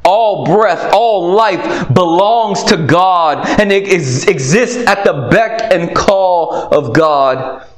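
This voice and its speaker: A man preaching a sermon in an earnest tone, pausing to stress his words. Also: high-pitched, reverberant. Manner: earnest, slow emphatic phrasing with many pauses. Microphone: recorded for video.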